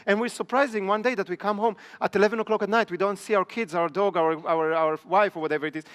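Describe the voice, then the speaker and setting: A middle-aged business trainer lectures at a live seminar in a high-pitched voice, with a steady tone and a quick pace. He checks in with his audience through repeated rhetorical questions. The large training hall gives a long reverb.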